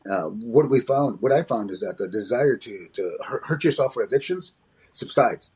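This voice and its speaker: A husky-voiced older man from Alberta speaks in a reflective interview. He circles back over his words and ends many lines with "eh?". His tone is measured and middle-pitched. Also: expressive, darkish tone. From Alberta, Canada. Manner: frequent restarts and tag "eh?". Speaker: comedian and motivational speaker, interview guest.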